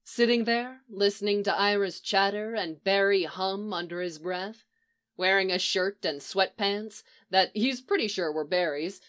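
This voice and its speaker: A woman's voice: mid-range voice, measured pace, fairly bright tone. Woman narrating a story steadily. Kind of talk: audiobook narration of fan fiction.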